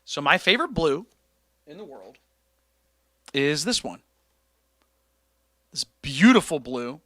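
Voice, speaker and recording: Man, livestream host, casual chat with viewers, joking, swears, lively swooping pitch, dry close sound. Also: slow pace, dry recording. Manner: animated, joking, swears freely.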